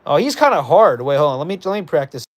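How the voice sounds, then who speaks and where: Brief: upbeat male streamer, slightly high voice, jumpy, reacts to chat. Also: quick pace, dull audio. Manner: animated, reads chat aloud, excitable bursts. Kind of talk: casual livestream chat.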